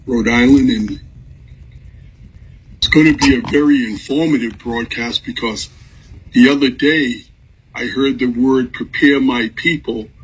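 A man's voice: mid-range voice, a little hiss or hum, low-quality recording. A man hosting a Christian broadcast, earnestly introducing a guest pastor. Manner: earnest, speaks of what he heard from God. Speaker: broadcast host.

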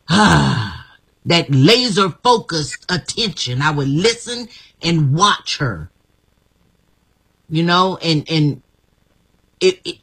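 Woman guest, husky and bright, slow and emphatic, talks with lots of repeats. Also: medium pitch. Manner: emphatic, repeats herself, laughs often. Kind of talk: inspirational interview talk.

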